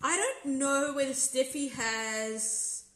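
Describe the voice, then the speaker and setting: South African woman, fairly high voice, rambling candid recap host, roomy echo. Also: slow pace, sharp tone. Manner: rambling, self-correcting, candid. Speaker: episode reviewer and former contestant. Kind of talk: casual live recap chat reading viewer comments.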